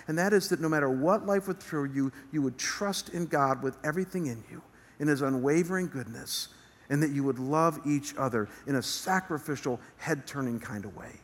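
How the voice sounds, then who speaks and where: A male pastor preaching an earnest sermon from a church stage, building emphasis as he speaks. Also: fairly high pitch. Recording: long reverb of a large hall.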